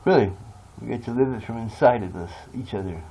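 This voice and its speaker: Husky-voiced man, rambling and blunt. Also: mid-range voice, brisk, dark tone, low-quality recording. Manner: blunt, swears freely. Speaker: vlogger. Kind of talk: rambling confessional monologue.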